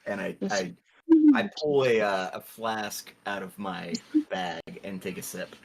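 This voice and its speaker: Male tabletop player, somewhat low voice, faint hiss behind, narrates his moves in first person. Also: lively intonation, measured pace, creaky. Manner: narrates his character's actions in first person, hesitant restarts. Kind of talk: tabletop game role-play.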